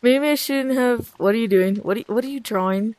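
A woman giving let's play commentary, talking back to a game character with loud exclamations, scolding, frequent laughter and swearing. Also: fairly high pitch, fairly quick, over a noisy crowd. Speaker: gaming video creator.

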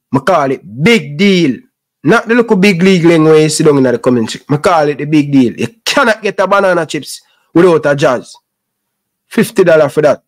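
High-voiced Jamaican man ranting passionately. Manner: impassioned, preachy, in Patois. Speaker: sports channel host. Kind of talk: casual rant to camera.

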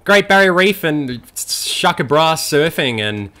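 A young Australian man commenting on a video game as he plays, excitable and jokey, swearing a lot. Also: on the high side, slow. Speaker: gaming channel host. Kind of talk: let's play commentary.

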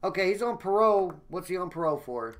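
A man live-streaming a police game, joking loudly and thanking viewers by name. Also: high-pitched, lively intonation, fast talker, rough recording.

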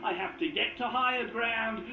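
A man voicing a calm young male iguana who hushedly plans his escape. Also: normal speed, roomy sound, muffled recording, soft background music. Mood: calm plotting. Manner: low, hushed, matter-of-fact planning.

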